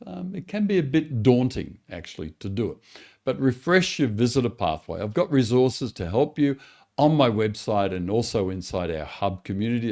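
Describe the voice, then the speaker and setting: A man's voice: mid-range voice, a little mellow. A man coaching pastors in a webinar, talking in an encouraging, conversational way. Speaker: church growth coach. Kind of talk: teaching webinar talk.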